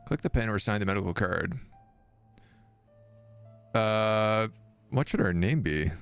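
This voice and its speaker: A man's voice: lowish voice, unhurried, gravelly, pauses often, fairly bright tone, clean tone, faint music behind. A man streaming a video game, reading the on-screen text aloud and breaking off with jokey asides. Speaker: gaming streamer. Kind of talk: let's-play commentary.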